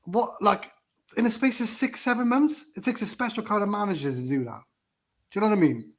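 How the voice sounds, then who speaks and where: A man joins a live fan show as co-host, his voice a touch high. He rambles through heated opinions, stumbling over and repeating words. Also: a little fast.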